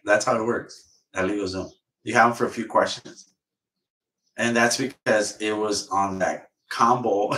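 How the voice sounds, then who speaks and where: A man's voice: fairly low pitch, fairly bright tone. A man streaming live and ranting casually, rambling and swearing, repeating himself as he goes. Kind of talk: casual livestream rant. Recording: roomy echo, far from mic.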